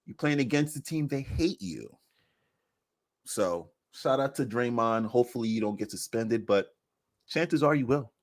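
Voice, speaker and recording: Animated man talking basketball. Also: medium pitch, normal speed. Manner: animated, repeats phrases for emphasis. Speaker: basketball podcaster. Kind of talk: casual podcast chat.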